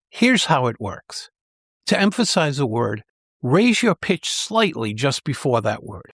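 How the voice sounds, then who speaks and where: Man teaching with deliberate word stress. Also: medium pitch, a bit bright, dry recording, clean studio sound. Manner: clear, measured delivery with deliberate stress on key words. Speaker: public speaking trainer. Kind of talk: scripted podcast lesson.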